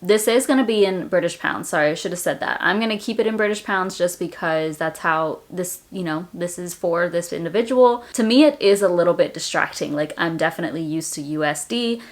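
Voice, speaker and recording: American lady talking money to camera, friendly, kinda low voice, says y'all. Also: fairly quick, few pauses. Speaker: personal finance YouTuber. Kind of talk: casual direct-to-camera finance talk.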